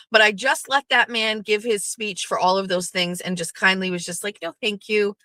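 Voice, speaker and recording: A woman's voice: mid-range voice, level tone, bright, forceful tone, no room sound, poor audio. A woman, hosting her show and telling a casual, profane story, quoting the people in it. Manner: chatty and profane, quoting others in quick back-and-forth. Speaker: host.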